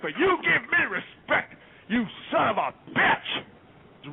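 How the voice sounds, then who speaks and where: A man doing a loud, ranting impression of a famous wrestler over a phone line. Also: very high voice, creaky, heavily acted. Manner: loud, ranting, shouting insults. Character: caller doing a loud Ric Flair impression.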